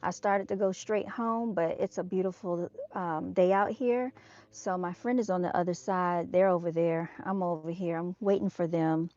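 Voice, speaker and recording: A woman's voice: fairly low pitch, fairly even intonation, moderate pace, darkish tone. Chatty woman live-streaming outdoors, lo-fi. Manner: chatty and direct, calls viewers "y'all". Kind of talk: casual live-stream chat. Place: outdoors at an evening motorcycle show. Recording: dull, dry lo-fi sound.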